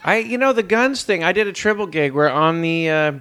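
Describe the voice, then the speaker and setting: A man hosting a comedy podcast, his voice a little higher than most men's. He chimes in with short jokes and questions, keeping the banter going. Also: lively intonation, fairly quick, bright, forceful tone, clear, resonant tone. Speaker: podcast host. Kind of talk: casual chat, joking interjections.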